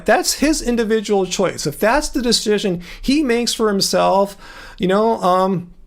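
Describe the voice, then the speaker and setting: A man with a high voice and a gravelly rasp hosts a casual live stream. He rambles and gets indignant as he answers chat, and his voice is starting to go. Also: expressive, a little slow.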